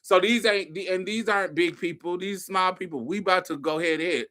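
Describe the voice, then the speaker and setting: A woman's voice: fairly low pitch, brisk, few pauses, pushed and bright. A woman hosting a show, casually telling a story to her listeners, swearing freely and calling them y'all, honey and baby. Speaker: host.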